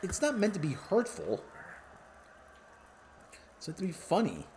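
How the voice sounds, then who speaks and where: Rambling man with a lively, swinging voice. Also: sits high, unhurried, a little hiss or hum. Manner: musing, self-interrupting, clears throat often. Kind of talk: rambling stand-up comedy monologue.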